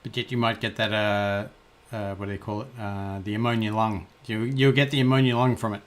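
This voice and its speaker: A man co-hosting a casual podcast. He talks haltingly, with many "uh"s and restarts. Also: on the low side, flat delivery. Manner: hesitant, stammering restarts. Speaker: co-host.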